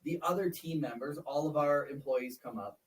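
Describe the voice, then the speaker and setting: A man's voice: on the high side, normal speed. Storytelling man host, a bit far off the mic. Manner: storytelling, repeats words, laughs while telling. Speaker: podcast host. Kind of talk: casual interview chat.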